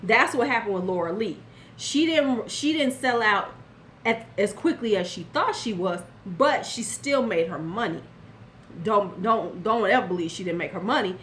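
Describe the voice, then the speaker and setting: A woman's voice: fairly high pitch, lively intonation, moderate pace, a bit bright, a little hiss or hum. An older woman vlogging casually about beauty, giving blunt, sassy advice straight to the viewer and answering chat now and then. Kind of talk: casual commentary vlog.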